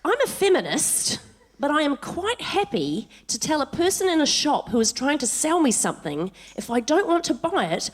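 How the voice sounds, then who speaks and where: A woman comedian guest telling animated comic stories on a live stage, squealing into high voices when she quotes herself. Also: moderate pace.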